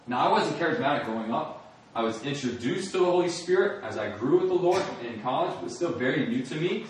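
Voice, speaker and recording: A man's voice: fairly high pitch, expressive, fairly quick, far from the mic. A young man preaching his testimony, earnest and storytelling, acting out his own prayers. He sounds set back from the mic in a very echoey hall. A faint hum of room noise sits underneath. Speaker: speaker giving a testimony. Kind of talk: sermon testimony.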